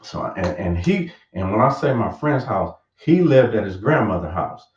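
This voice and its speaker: A man casually telling a personal story, lively, acting out his younger self in a raised voice. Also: lowish voice, normal speed. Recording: roomy, distant, dull lo-fi sound.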